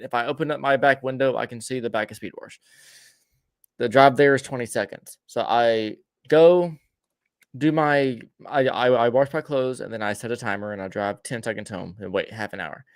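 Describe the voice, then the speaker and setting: A man in a casual podcast chat, spinning a long tale at an ordinary middle pitch. He trips over words, doubles back and restarts often, and lets out a laugh here and there. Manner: laughs between lines. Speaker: podcast co-host. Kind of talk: casual spooky storytelling.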